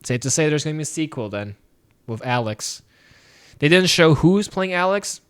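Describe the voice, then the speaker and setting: A man co-hosting a podcast, casually reviewing a film, retelling scenes with lively acted-out lines and frequent laughs. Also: fairly high pitch, normal speed, smooth. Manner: animated retelling, acting out lines, laughs often. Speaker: podcast co-host. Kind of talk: casual movie review chat.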